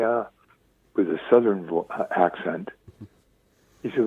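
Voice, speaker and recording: A man in his seventies, a radio interview guest, telling stories with lively acted-out quotes. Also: deep voice, normal speed, pauses often, breathy edge, dry recording. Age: 70s. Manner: lively storyteller acting out quoted voices. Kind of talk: phone-in radio interview storytelling. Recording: tinny dry phone line.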